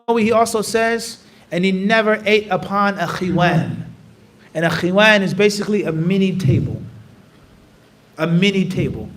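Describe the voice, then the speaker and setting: A man gives a religious lesson in a lively, animated way, slipping into voices for everyday scenes. His voice sits high and his words tumble out fast. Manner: animated, acts out dialogues, recites Arabic rapidly. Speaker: Islamic teacher. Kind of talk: religious lesson with acted examples.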